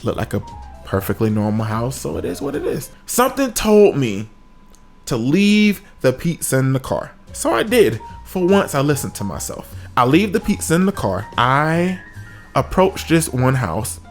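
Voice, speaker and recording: A man telling a comic story from his own life, with sudden high-pitched exclamations. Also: big pitch swings, measured pace. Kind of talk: comedic story time. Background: faint music.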